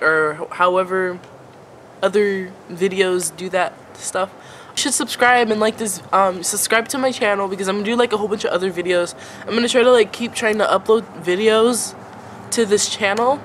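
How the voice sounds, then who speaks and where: A woman's voice: medium pitch, moderate pace, fairly bright tone, a little hiss or hum. A young woman in her late teens telling a casual storytime vlog, rambling and filling nearly every phrase with "like" and "um.". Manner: rambling, filler-heavy, says "like" constantly. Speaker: vlogger.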